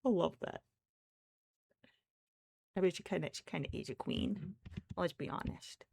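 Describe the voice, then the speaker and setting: A woman's voice: on the low side, unhurried, gravelly, a little mellow, slightly rough, dry recording. A woman streamer chatting casually while crafting, who talks to her cats in baby talk.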